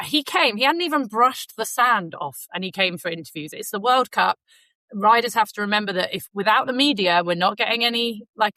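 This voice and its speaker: Host: woman, bright, crisp voice, chatty and animated, dry studio sound. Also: medium pitch, dry recording, low-quality recording. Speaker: podcast host. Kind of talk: casual podcast chat.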